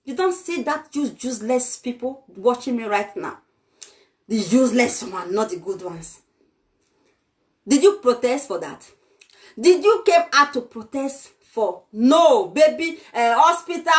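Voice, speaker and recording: A woman's voice: fairly high pitch, sing-song, measured pace. Fiery young Nigerian woman ranting. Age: young adult. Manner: insulting, scolding, fiery. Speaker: vlogger. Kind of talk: ranting vlog.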